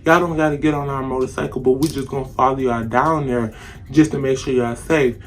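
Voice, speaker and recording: A woman imitating a pushy young man in a low, drawling, mock-deep voice. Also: fairly even intonation, a little fast, a little hiss or hum. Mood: placating. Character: pushy young man, apologetic then sulky.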